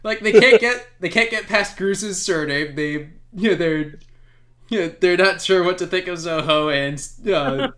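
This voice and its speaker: Bright-voiced, laughing male player. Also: high voice. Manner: laughing, halting. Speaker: tabletop game player. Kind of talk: casual chat over a game.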